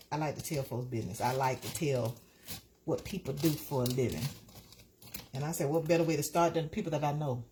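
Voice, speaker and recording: A woman's voice: rumbling low, noisy background. A woman, hosting a casual live stream and chatting to viewers in a repetitive, easygoing way. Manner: chatty, repeats herself, talks to viewers by name.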